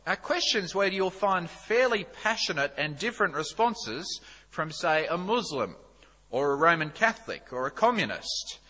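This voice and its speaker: A man's voice: fairly high pitch, big pitch swings, moderate pace, bright, forceful tone. A man preaching a sermon as a visiting speaker, conversational and self-deprecating, with many fillers. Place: church. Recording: echoey church hall.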